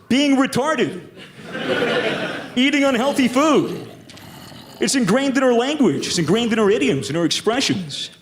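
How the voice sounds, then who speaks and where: Give me a young man doing dark, deadpan stand-up comedy with a high, lively voice, in an echoey room with a loud crowd. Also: slight background noise. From United States. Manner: dark, deadpan joke delivery.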